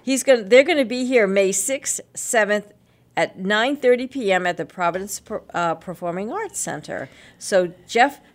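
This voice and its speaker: A woman's voice: medium pitch, animated, normal speed. A woman hosting a local radio show, chatting casually through event listings with lots of fillers and small laughs. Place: radio studio.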